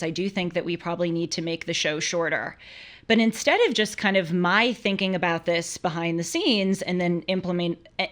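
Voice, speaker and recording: A woman's voice: fairly low pitch, a bit bright. A young woman hosts a live call-in show in a casual, chatty way. She talks with animation and laughs often. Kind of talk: casual live-stream talk.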